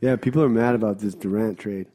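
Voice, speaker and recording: A man's voice: on the low side, fairly even intonation, quick pace, mellow. A young man co-hosting a casual chat, loose and profane, with lots of "you know" fillers. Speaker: podcast co-host.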